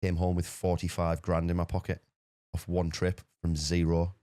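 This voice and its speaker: A British man with a low voice, recorded with no room sound, tells a story as a podcast guest. His casual anecdote comes out fast and animated, full of repeated words.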